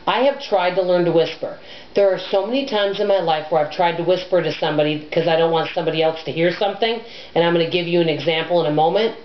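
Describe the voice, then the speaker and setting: Loud, abrasive woman vlogger, echoey room. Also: on the low side, quick pace, slight background noise. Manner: chatty, rambling, self-deprecating. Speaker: personal finance vlogger. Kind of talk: casual chat to camera. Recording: echoey room, dull lo-fi sound.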